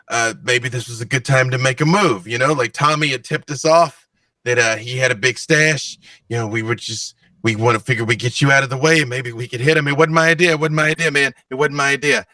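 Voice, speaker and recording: A man's voice: medium pitch, fairly quick, pushed and bright, no echo, far from the mic, lightly acted. A man voicing a panicked male thug who stammers and begs for his life in a tabletop game. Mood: pleading. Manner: stammering, frantic repetition.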